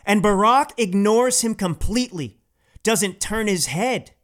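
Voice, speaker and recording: A man's voice: high voice, expressive, measured pace. A male podcast host delivering an emphatic, indignant political opinion monologue, repeating points for stress.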